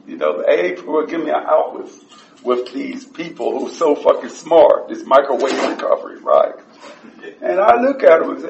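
Gravelly man sharing from afar. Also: medium pitch, normal speed, long pauses. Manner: blunt and profane, voice rises when excited. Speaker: recovery group member sharing. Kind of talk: personal share at a support meeting. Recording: echoey room, distant dull mic.

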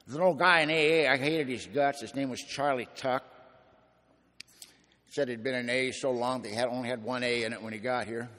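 A man's voice: mid-range voice, fairly even intonation, a little fast, sharp tone. Man telling his recovery story, echoey hall. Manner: storytelling, emphatic, wry. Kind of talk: personal testimony to an audience. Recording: long echoing hall reverb.

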